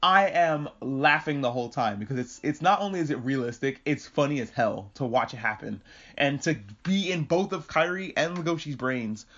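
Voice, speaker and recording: A man's voice: on the high side, normal speed, a bit bright, lo-fi sound. A man hosting a podcast, recapping an episode in casual, swearing, jokey chat. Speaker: podcast host.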